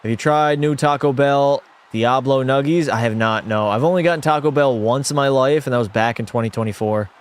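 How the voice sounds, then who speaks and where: A man's voice: mid-range voice, a little fast, few pauses, a little hiss or hum. A young man streaming a hockey video game, calling the plays and chatting with his viewers. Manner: excitable, chatty, answers chat, mock French-Canadian outbursts. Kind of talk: casual live-stream play-by-play commentary.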